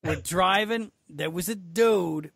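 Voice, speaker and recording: High, gravelly, excitable man. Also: slow pace, dry recording, clean studio sound. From Georgia, US. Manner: excitable, giggly storyteller with sudden high squeals. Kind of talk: improvised comedy chat.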